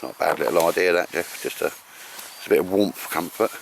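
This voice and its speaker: A man's voice: low-pitched, a little fast, vocal fry, slight background noise. A man bantering and teasing his mates on a bushcraft outing in the woods, recorded on camera. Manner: joking, teasing, chatty. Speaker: bushcraft vlogger. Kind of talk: casual banter with friends. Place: outdoors in woods on a cold day.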